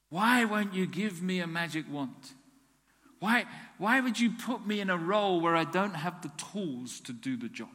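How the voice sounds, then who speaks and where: A man's voice: high voice, normal speed. A man preaching a sermon as a pastor, acting out little dialogues with God to make his point. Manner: animated, acts out dialogue with God. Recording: long hall reverb.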